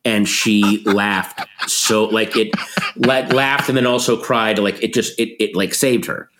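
Middle-aged male comedian, low register, animated anecdotal delivery with quoted voices. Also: a little slow. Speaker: comedian guest. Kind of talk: conversational storytelling.

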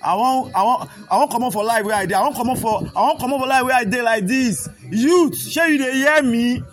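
A man's voice: very high voice, quick pace. A man with a Nigerian accent speaking emotionally and repetitively in street talk, pleading with his listeners. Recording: loud music behind the voice. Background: music.

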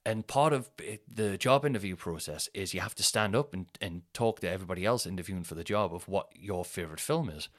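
Bloke in his 30s telling sweary stories on his podcast, low voice, keeps laughing at himself. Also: fast talker, hardly any pauses. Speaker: podcast host. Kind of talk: casual comic storytelling.

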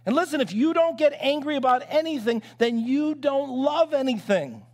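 A man's voice: very high voice, animated, normal speed, a little mellow. A male pastor preaching a sermon in church, telling stories with acted-out quotes and frequent restarts. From United States.

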